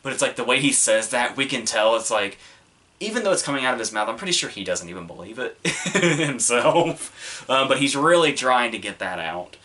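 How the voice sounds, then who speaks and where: A man's voice: medium pitch, very animated, moderate pace, sharp tone. A young man hosting a podcast, reviewing films in a rambling, casual way with lots of fillers and restarts. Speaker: podcast host.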